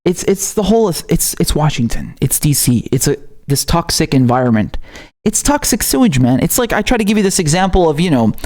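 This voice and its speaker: A man from Syria hosts his own political show in a raw, heated rant. He swears freely and doubles up his words as he pushes his points, and his voice sits a little high for a man. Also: a little fast. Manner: profane, animated, repeats words when worked up. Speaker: political commentary host.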